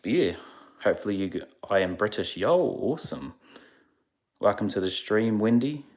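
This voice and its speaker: A man with a lowish, darkish voice and lively intonation chats on a livestream at a moderate pace. Sounding a bit sleepy, he rambles in a relaxed way and responds to chat questions.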